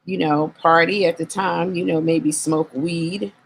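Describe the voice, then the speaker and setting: A woman guest on an interview show, candidly recounting her life in an earnest, reflective way and slowing down on painful memories. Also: on the low side, steady tone, creaky, a little hiss or hum, rough recording. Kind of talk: candid personal storytelling.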